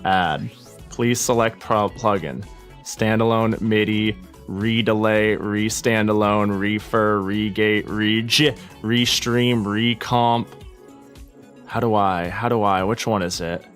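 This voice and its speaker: A man's voice: on the low side, steady tone, slow, a bit bright, faint music behind. A man streaming live, chatting casually and rambling with many restarts and swearing, slightly out of breath. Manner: rambling, self-interrupting, swears freely.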